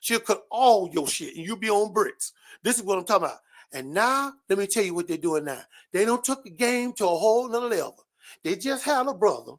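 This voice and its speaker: A man hosting a show, giving a loud, profane comedic rant full of repeated catchphrases. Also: sits high, expressive, fairly quick. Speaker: show host.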